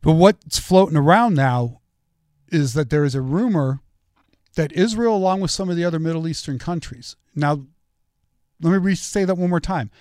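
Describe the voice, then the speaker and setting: A man's voice: on the high side, moderate pace, a little mellow, no echo. Opinionated man hosting a commentary show, dry sound. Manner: opinionated, conversational storytelling. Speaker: political commentary show host. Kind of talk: solo political commentary.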